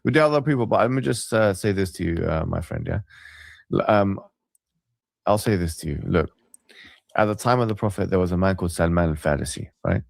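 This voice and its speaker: A man's voice: sits low, lively intonation, a little fast, gravelly, dry recording, clean studio sound. A man arguing insistently in a debate call, repeating himself to press his point. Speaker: debate show host.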